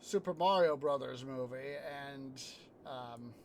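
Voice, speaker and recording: A man's voice: mid-range voice, slow pace, slight background noise. A man streaming a city-building game, chatting casually in a rambling way, retelling film scenes. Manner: rambling, many fillers and restarts, retells scenes with sound effects. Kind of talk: casual chat while playing a game.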